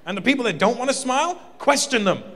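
A male comedian doing animated, punchy stand-up at a large live venue. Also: very high-pitched, fast talker, a little hiss or hum. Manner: animated and punchy, often building to a shout. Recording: live in a reverberant hall.

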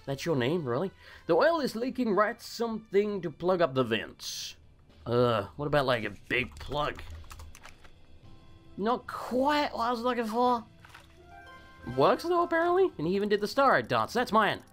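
Sarcastic man with a very lively pitch. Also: normal speed, soft background music. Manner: sarcastic, swears freely, talks to game characters. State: recovering from a cold. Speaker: gaming channel host. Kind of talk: casual let's play commentary.

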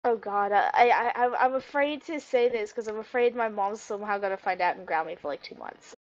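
A teenage girl chatting casually and excitably while gaming with friends, often giggling. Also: medium pitch, a little fast, no echo, dull audio. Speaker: gamer.

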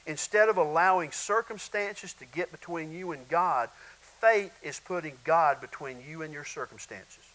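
Bright-voiced, high-pitched man preaching. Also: normal speed, rough recording. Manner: emphatic, repetitive, addresses congregation as guys. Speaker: pastor. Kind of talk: sermon.

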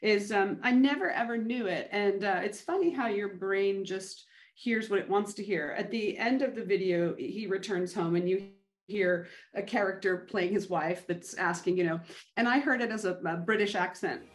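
Enthusiastic woman podcast host. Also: mid-range voice. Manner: enthusiastic, quick affirmations. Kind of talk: casual interview chat.

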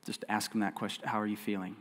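A man preaching a sermon as pastor, earnest and emphatic, swinging between loud stresses and quiet passages and repeating key phrases. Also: on the low side, level tone, fast. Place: church sanctuary. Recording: long church hall reverb.

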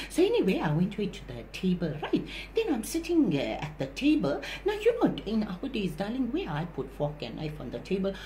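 A woman's voice: low-pitched, mellow, slight background noise. A woman playing a chatty older auntie, a proud big eater who talks gossipy and keeps calling the listener darling in a comedy sketch. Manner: gossipy, calls listener darling, exclaims often. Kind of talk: comic character monologue.

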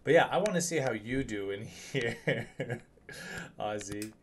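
A young man plays a horror game for his viewers and talks them through it in an unhurried, drawn-out way, joking about how scared he is. His pitch sits in the middle for a man. A faint hiss sits under his voice. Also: animated. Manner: nervous, jokey, chatting with viewers. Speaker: streamer. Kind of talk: live gameplay commentary.

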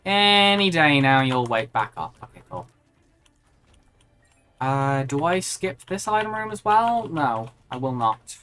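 A woman's voice: sits low, very animated, slow, a bit bright. A woman streaming a video game, reacting aloud and chatting with her viewers as she plays. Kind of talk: live gameplay commentary.

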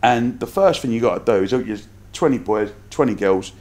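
A man's voice: lowish voice, normal speed. Chatty London man telling stories. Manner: lively anecdotes with acted-out quotes, frequent laughs. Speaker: podcast guest, entrepreneur. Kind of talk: casual storytelling.

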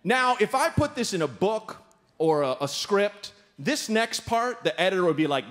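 A man's voice: sits high, a little slow. A man doing stand-up comedy on a live stage, telling a story and acting out the people in it with big jumps in his voice. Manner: animated, acts out characters with big voice jumps. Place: live stage before an audience.

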